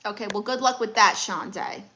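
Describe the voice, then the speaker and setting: A woman's voice: medium pitch, a little fast, bright, forceful tone. A young woman comedian hosting a live stream, reading comments and handing out blunt, sassy advice.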